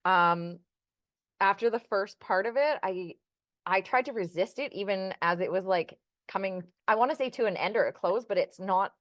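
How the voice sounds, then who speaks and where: A woman's voice: mid-range voice, moderate pace, a bit bright, no echo, clean studio sound. Earnest woman telling a personal story. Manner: earnest storytelling, acts out remembered dialogue. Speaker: podcast co-host. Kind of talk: casual chat.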